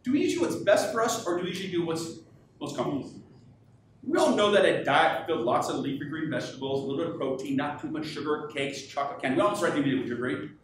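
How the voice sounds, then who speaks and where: Man, keynote speaker, high voice, animated pitch swings, echoey hall, distant from the mic, faint hum. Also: rapid-fire. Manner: energetic, quizzes the audience with questions. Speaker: professional speaker. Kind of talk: live business keynote talk. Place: event hall with audience.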